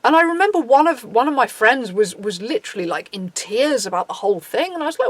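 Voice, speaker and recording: A woman's voice: high-pitched, very animated, brisk, hardly any pauses, dry recording. A woman in her thirties with an English accent, talking through her opinions in a casual monologue, restarting often and acting out quotes. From England. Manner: chatty and opinionated, with many restarts and acted-out quotes. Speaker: podcast host.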